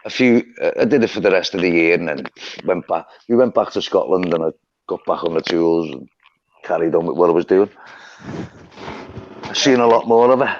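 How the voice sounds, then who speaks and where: A man's voice: deep voice, expressive, fairly quick, long pauses, muffled recording. A man with a Liverpool accent hosting a live stream, rambling through stories and laughing often. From Liverpool, England. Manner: chatty, rambling storyteller who laughs often. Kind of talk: casual chat. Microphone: phone.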